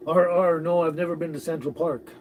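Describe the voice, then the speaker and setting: A man hosting a casual live stream, greeting viewers and chatting in a relaxed, rambling way with frequent chuckles. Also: a little high, brisk. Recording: noisy recording with birds behind.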